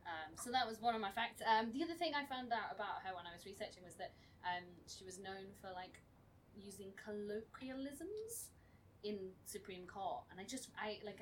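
A woman's voice: medium pitch, distant mic, a little hiss or hum, poor audio. A young woman presenting a comic segment, chatty and self-mocking with frequent giggles. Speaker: panel presenter.

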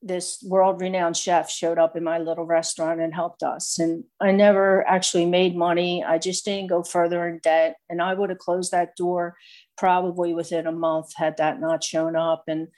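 A woman's voice: lowish voice, flat delivery, moderate pace, a little mellow. Candid rambling woman telling her story. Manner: candid, rambling, frequent fillers. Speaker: speaker sharing recovery story. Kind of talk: personal testimony talk.

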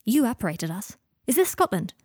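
A woman reading an audiobook and voicing a lonely, earnest young man who speaks quietly and hesitantly. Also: medium pitch, big pitch swings, brisk, no echo, clean studio sound. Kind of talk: audiobook reading of fan fiction.

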